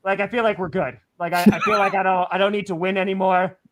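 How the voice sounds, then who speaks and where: A breathless man with a high, light voice hosts a loose sports chat while sweating inside a costume. He stumbles through restarts and pokes fun at himself. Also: little pitch movement, quick pace, slight background noise. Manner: rambling, self-mocking, stammering restarts. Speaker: podcast host.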